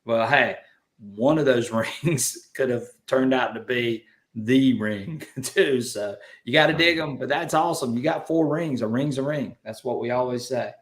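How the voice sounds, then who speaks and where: A man's voice: medium pitch, measured pace, reverberant. A man with a Southern US accent hosting a casual live chat, folksy and upbeat as he reads out viewer comments. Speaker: livestream host.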